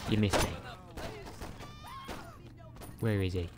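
A male gaming host giving rambling, joking let's play commentary with excitable reactions. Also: on the low side, brisk, few pauses, loud music behind the voice.

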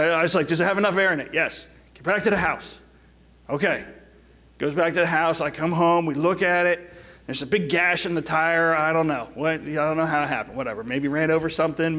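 Middle-aged pastor preaching a sermon. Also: male voice, a little high. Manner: storytelling with quick asides, then soft pleading exhortation. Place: church sanctuary.

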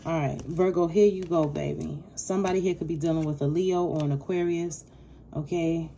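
Low-voiced, blunt, profane woman reading tarot. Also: steady tone, moderate pace, warm tone, slight background noise. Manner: blunt, profane, streetwise, talks straight to viewers. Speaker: tarot reader. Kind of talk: casual tarot reading to camera. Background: card shuffling.

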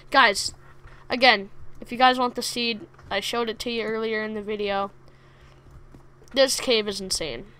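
A woman giving chatty, excitable let's play commentary from a home setup, talking to the game's monsters as she plays. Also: a little high, unhurried, pauses often, clear, resonant tone. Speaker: gaming video creator.

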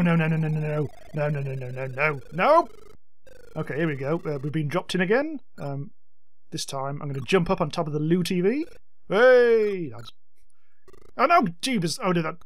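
Excitable man yelping at a game. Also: high voice. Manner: excitable, yelps and swears at the game. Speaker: let's-play host. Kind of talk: gameplay commentary.

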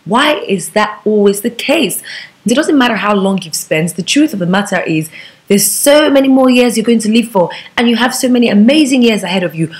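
A young woman talking straight to camera, giving relationship advice in a sassy, preachy way full of rhetorical questions. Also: mid-range voice. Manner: bobs her head while talking. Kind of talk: direct-to-camera advice monologue.

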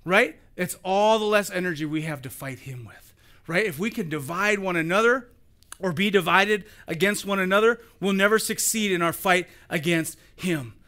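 A male pastor giving a sermon, acting out the story and swinging between loud and soft. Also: high voice, normal speed. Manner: animated, acts out the scenes with shifting volume.

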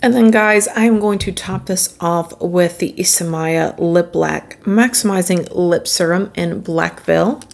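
A woman's voice: on the low side, a little slow, gravelly, few pauses. A woman beauty vlogger talking viewers through a makeup tutorial in a chatty, upbeat way, often calling them friends.

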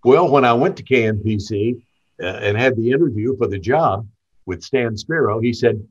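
A man's voice: medium pitch, normal speed, dull audio. An older man from Tennessee with a light Southern accent, a veteran radio host telling stories in an interview and acting out the quoted lines. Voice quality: smooth, polished broadcaster delivery. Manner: animated, acts out quoted dialogue. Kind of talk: storytelling reminiscence.

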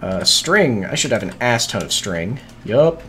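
A man's voice: mid-range voice, very animated, a little slow, fairly bright tone, slight background noise. A man streaming a video game, muttering to himself in casual, scattered chatter with frequent swearing and hiccups.

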